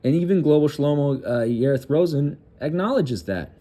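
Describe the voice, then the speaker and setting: A man with a somewhat high voice reads a news story aloud in a loose, halting way and keeps stopping for crude, sarcastic, profane asides. His reading is casual and unpolished. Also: animated, dark tone. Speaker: political commentary host.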